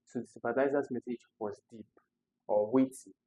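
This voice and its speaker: A man's voice: medium pitch, steady tone, normal speed, mellow, rough recording. A man, tutoring students through English exam questions step by step and repeating the key words.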